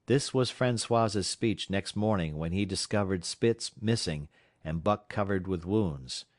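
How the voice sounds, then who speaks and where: A man reading a classic novel aloud as an audiobook narrator, in a measured, dramatic storytelling manner. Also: low voice, darkish tone, dry recording, clean studio sound. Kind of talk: scripted narration.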